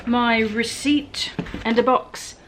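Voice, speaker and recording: Speaking slowly, with a high-side voice and fairly even intonation, a lifestyle vlogger chats to the camera at home. She coos at her pets in a sing-song voice, and background noise can be heard.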